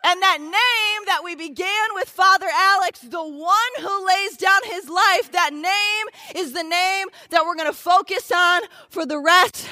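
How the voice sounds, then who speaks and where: A woman from Michigan with an American accent gives an energetic preaching talk to a crowd and often shouts out to the audience. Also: very high voice, a little slow, no echo. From Michigan, USA. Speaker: youth event speaker.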